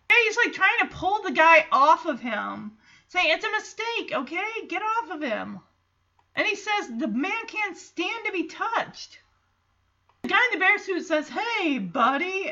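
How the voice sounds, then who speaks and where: A woman's voice: sits high, pushed and bright, muffled recording. A woman hosting a fan podcast, recapping a sitcom episode in a chatty, giggly way. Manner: chatty, giggly, quotes characters in little voices. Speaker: podcast host.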